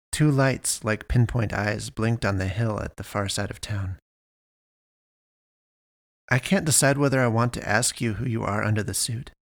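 Man reading a first-person story aloud. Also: on the low side. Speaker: narrator.

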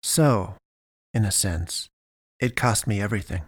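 Man reading a gentle fursuiter, quiet, unhurried, low voice, dry sound, storybook. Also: no room sound. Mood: calm. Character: calm, gentle young man in an animal fursuit.

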